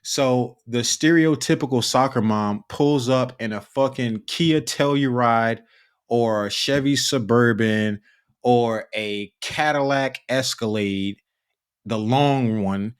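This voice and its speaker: Male co-host, blunt and emphatic, mid pitch, casual banter. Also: takes it slowly, smooth. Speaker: podcast co-host. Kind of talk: casual chat.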